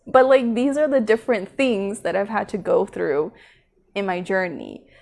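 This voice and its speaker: A woman vlogger telling a story to camera in a chatty, animated way, laughing often and leaning on "like" and "you know.". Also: mid-range voice, normal speed, creaky. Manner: heavy use of "like" and "you know" as fillers. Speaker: vlogger on manifesting.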